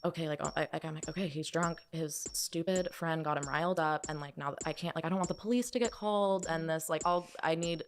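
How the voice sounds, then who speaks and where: Young woman, deep-ish voice, telling a hard story, lots of likes and stops. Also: fairly quick, hardly any pauses, slight background noise. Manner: hesitant, lots of "like" and restarts. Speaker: podcast guest. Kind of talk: personal storytelling.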